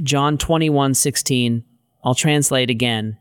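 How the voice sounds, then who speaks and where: A man's voice: medium pitch, measured pace, clean tone, dry recording. A man narrating a Bible story in a conversational way with modern paraphrases, on a close studio mic.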